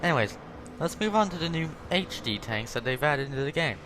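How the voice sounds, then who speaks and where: A gaming channel host with a slightly high voice talks fairly quickly and expressively while displaying tanks. His casual commentary rambles and doubles back on itself, with a noisy background and loud game audio.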